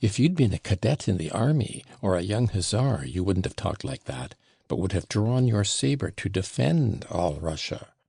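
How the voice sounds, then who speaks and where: Audiobook: man doing an admiring, coaxing young woman, gravelly husky read. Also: sits low, very animated, normal speed, warm tone, no echo, studio quality, exaggerated voice. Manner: insinuating, coaxing. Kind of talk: audiobook reading.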